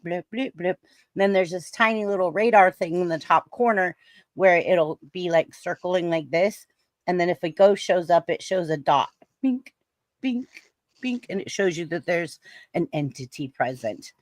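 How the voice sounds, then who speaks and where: A middle-aged woman in casual chat, telling a story with lively sound effects. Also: fairly low pitch, no room sound, clean studio sound. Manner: animated storyteller who mimics sounds.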